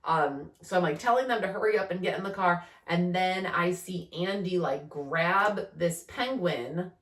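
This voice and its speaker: A woman co-hosting a podcast, chatting casually and telling family stories with animated acted-out quotes. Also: on the low side, unhurried, distant mic. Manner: animated storytelling, acts out kids' voices. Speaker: podcast co-host. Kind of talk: casual chat. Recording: roomy, off-mic sound.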